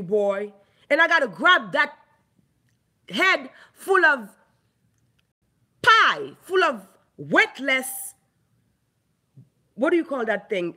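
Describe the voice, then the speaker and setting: Haitian woman on a heated profane rant, high bright voice, mocking. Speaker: online commentator. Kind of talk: angry ranting vlog.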